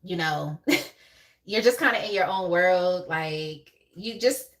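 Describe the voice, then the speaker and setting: A woman's voice: on the low side, animated, slow. A young woman hosting a casual live tarot reading, chatty and laughing often as she talks to viewers in the chat by name. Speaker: tarot reader on a live stream.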